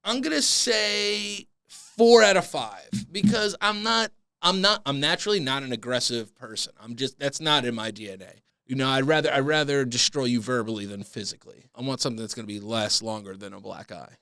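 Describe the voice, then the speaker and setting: A man's voice: medium pitch, fairly quick, vocal fry, sharp tone, clean tone, dry recording. A man hosting a comedic solo podcast, ranting in a profane, mock-outraged way. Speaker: podcast host.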